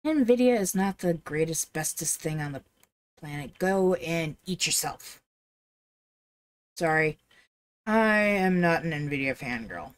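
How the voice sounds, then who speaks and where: A woman live-streaming a game, chatting in a rambling, blunt way and swearing offhand. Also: medium pitch. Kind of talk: casual live-stream chat.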